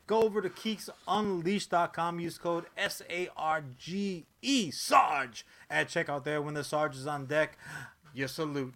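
A man co-hosting a podcast, chatting in a laid-back way and hyping up sponsor reads loudly. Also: a little high, a little slow. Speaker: podcast co-host. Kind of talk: casual chat and sponsor reads.

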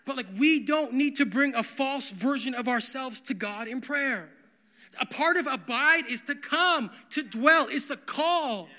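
A young man preaching as pastor, with a bright voice that sits high for a man. He keeps his sermon loose and conversational, full of "like" and quick asides to the church. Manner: conversational, animated, full of "like" fillers.

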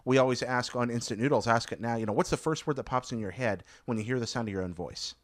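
A man's voice: mid-range voice, fast talker, dry recording. A man with a slight lisp hosting a podcast interview, asking eager, effusive questions. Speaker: podcast host. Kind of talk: casual interview chat.

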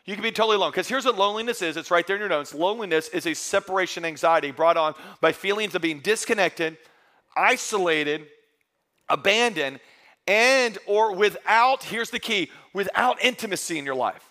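Bright, high-voiced pastor preaching earnestly. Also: male voice, expressive, a little fast. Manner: earnest, repetitive restarts, conversational preaching. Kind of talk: sermon. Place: church service.

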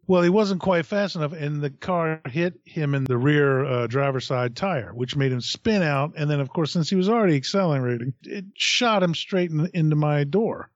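A man's voice: on the high side, dry recording, dull audio. Profane middle-aged man telling a story. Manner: profane, animated anecdote telling with laughs. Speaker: podcast co-host. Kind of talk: casual comedic storytelling.

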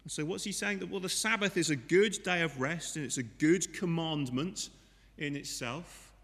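A man whose voice sits on the high side preaches at a moderate pace with a fairly bright tone and a long reverb tail. In this church sermon he speaks conversationally, often asking listeners rhetorical questions.

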